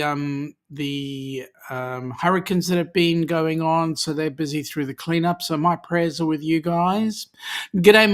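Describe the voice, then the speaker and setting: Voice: medium pitch, fairly bright tone. Chatty Australian livestream host. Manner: chatty and jokey, many ums and restarts. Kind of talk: casual livestream chat, reading viewer comments.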